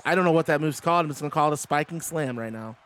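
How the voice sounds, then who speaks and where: A man commentating a wrestling video game on his live stream, talking in a high voice. His play-by-play is casual and chatty, like he is talking with his viewers. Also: very fast, fairly bright tone, clear, resonant tone.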